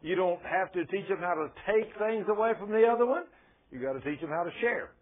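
A man's voice: sits high, brisk. An older man preaching a sermon, telling folksy stories and asking the congregation rhetorical questions. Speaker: pastor. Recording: tinny lo-fi radio broadcast.

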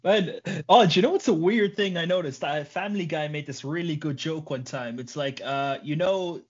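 Higher-voiced man in loose podcast chat. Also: normal speed, slightly rough, highs cut off. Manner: swearing, rambling, joking. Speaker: podcast host. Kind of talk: casual chat.

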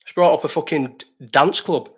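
A man's voice: a little high, moderate pace, husky. A man hosting a casual live stream, reading chat questions, rambling, swearing and laughing.

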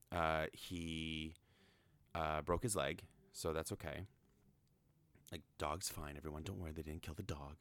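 A man's voice: low-pitched, fairly bright tone, smooth, no room sound. A young man casually recapping a film, chatty, with frequent swearing and lots of fillers.

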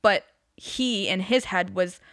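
A woman's voice: medium pitch, takes it slowly, no room sound, studio quality. A young woman telling a spooky story from her own life in casual chat, rambling with lots of fillers. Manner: rambling, many fillers, animated retelling.

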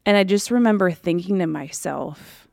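A woman hosting a podcast, telling her own story candidly in a halting way with frequent fillers. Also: fairly low pitch, vocal fry, a little mellow, no room sound, clean studio sound. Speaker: podcast host. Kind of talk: personal storytelling.

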